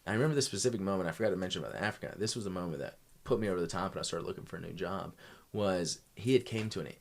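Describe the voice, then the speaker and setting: A man's voice: sits low, rapid-fire, vocal fry, slight background noise. A young man telling a long story as a podcast guest, rambling with many restarts. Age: young adult. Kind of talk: casual storytelling.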